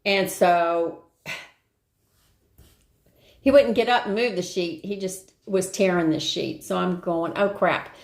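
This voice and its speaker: A woman's voice: on the low side, slow, vocal fry, pauses often. An older woman hosting a live stream, telling a rambling everyday story in casual chat and greeting viewers along the way. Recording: roomy echo.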